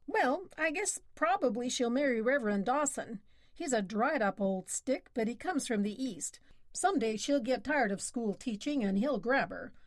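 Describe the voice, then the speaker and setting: A woman's voice: on the high side, animated, normal speed, dry recording, studio quality. A woman voicing a chatty small-town garage man who gossips in a folksy way. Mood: gossipy.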